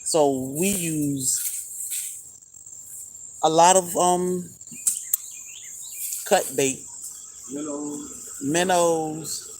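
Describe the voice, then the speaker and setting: A woman's voice: deep voice, extremely slow, pauses often, a little mellow, slight background noise, rough recording. A woman hosting a homestead livestream, chatting casually and laughing as she answers viewer comments. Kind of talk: casual live chat.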